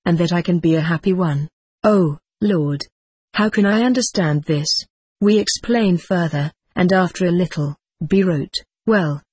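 A woman reading an old text aloud in a plain, steady voice, even speaking the punctuation and section numbers. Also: lowish voice, husky, dry recording. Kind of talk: audiobook reading.

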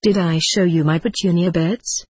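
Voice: medium pitch, steady tone, moderate pace, darkish tone, breathy edge, no room sound, natural voice. A reader voicing a prim, formal country rector in a storybook. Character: fussy country rector, older man.

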